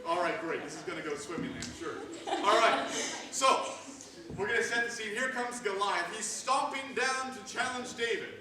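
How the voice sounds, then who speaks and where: High-voiced man teasing a crowd in an echoey hall. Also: normal speed. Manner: playful, teasing, sarcastic. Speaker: youth ministry host leading a skit. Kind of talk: live comedic audience game. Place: large hall with live audience. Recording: echoey hall from far off, audience noise.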